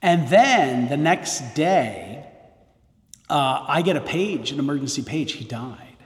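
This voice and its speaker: A man's voice: medium pitch, animated, takes it slowly. A Catholic priest, a man, telling a story casually, rambling with frequent restarts and self-corrections. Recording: roomy hall reverb.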